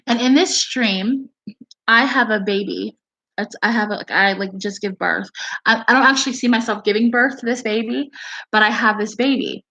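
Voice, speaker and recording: A woman vlogging to her viewers in a casual, rambling, excitable way, swearing now and then. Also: on the high side, normal speed, rough recording. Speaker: video blogger.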